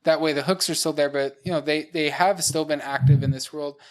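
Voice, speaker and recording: A man's voice: a little high, fairly even intonation, a little fast. Podcast co-host, male, methodical explainer, plain conversational delivery. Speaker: podcast co-host, dungeon master. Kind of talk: casual chat.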